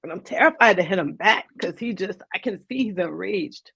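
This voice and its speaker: A woman's voice: mid-range voice, lively intonation, a little fast, creaky, fairly bright tone, husky, dry recording. A woman, a guest on an interview show, earnestly retelling a personal story in vivid detail. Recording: dull lo-fi dry sound.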